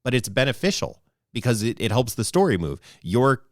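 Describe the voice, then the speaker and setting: A man's voice: mid-range voice, sing-song, fairly quick, dry recording. A man co-hosting a podcast as game master, talking in a rambling, thoughtful way into a close mic. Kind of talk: casual podcast discussion.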